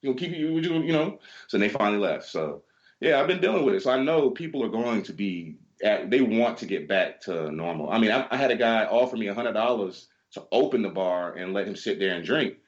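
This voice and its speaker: A man co-hosting a casual podcast, talking fast and running his stories together with a fairly low voice. He swears freely and acts out both sides of each exchange. The audio is dull and lo-fi. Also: expressive. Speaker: podcast co-host. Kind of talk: casual chat, storytelling.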